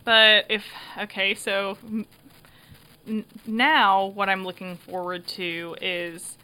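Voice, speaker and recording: A woman's voice: mid-range voice, flat delivery, slow pace, pushed and bright, smooth. A woman hosting a podcast wrap-up in casual chat, laughing often and filling gaps with um and uh. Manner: chatty, laughs often, frequent fillers. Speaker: podcast host and creator.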